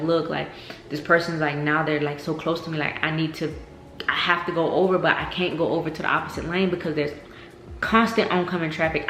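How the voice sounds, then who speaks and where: A young woman telling a storytime vlog, animated and chatty, often saying "y'all.". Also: low-pitched. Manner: animated, addresses viewers as y'all, many fillers. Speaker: vlogger. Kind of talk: casual storytime. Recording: echoey room with faint noise.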